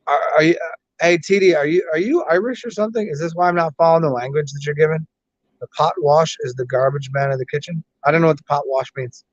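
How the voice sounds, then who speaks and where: A man's voice: on the high side, quick pace, no echo. Man, American, casual livestream chat, swears a lot, rambles, dry muffled lo-fi sound. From United States. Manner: profane, joking, rambling with many restarts. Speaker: livestream host reading chat. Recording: dry, dull lo-fi stream audio.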